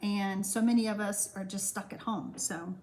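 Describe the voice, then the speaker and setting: Her voice sits in the mid-range with fairly even intonation and a moderate pace, over a little hiss or hum. She's an older Texan woman running a live-stream card-making class, chatting with viewers and warmly responding to comments she reads out.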